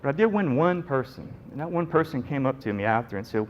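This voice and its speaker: A man's voice: medium pitch, fast, few pauses, lo-fi sound, a little hiss or hum. A middle-aged man, a nurse entrepreneur giving a conference talk and telling his story with jokes and acted-out voices. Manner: animated storyteller, jokey, acts out quoted people.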